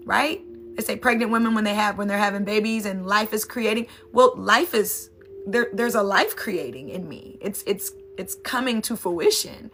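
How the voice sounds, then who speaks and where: A woman's voice: medium pitch, moderate pace, sharp tone, slight background noise. A woman NLP coach and sound healer giving an emphatic, conversational motivational talk, often checking in with "right?".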